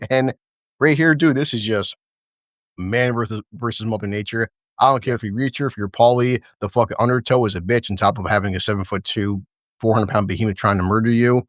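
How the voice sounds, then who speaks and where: A man hosting a casual recap chat, excitedly narrating fight scenes play-by-play with lots of swearing and laughter. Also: lowish voice, fairly quick, no echo, studio quality. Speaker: show host.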